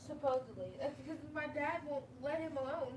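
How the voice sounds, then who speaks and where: A woman chatting casually on a livestream as co-host, quick to laugh. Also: high-pitched, recorded from a distance. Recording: roomy, off-mic with room noise.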